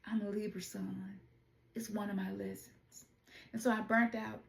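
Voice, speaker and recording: A woman's voice: medium pitch, flat delivery, normal speed, vocal fry, roomy sound. A woman from Memphis with a Southern accent, giving a casual, chatty spiritual oracle card reading and talking straight to her viewers. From Memphis, Tennessee. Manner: chatty, informal, addresses viewers as y'all.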